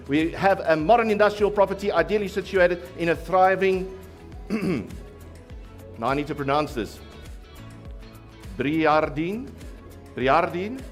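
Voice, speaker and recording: A man with a South African accent working as an auctioneer, calling bids in a rapid chant and teasing bidders in the room. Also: a little high. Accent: South African English. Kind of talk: live property auction calling.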